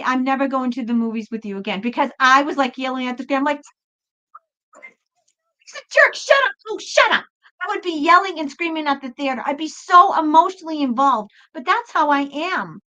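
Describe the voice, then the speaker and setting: A woman with a high, sharp voice delivers an unscripted spiritual pep talk. She is blunt and emphatic and swears without holding back. The recording sounds a little dull and lo-fi. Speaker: tarot reader and spiritual channel host.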